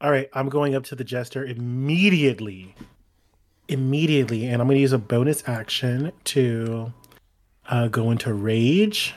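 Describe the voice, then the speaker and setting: A man's voice: mid-range voice, moderate pace. Casual, swearing man playing a tabletop game. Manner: loose, swearing, lots of fillers. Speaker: player.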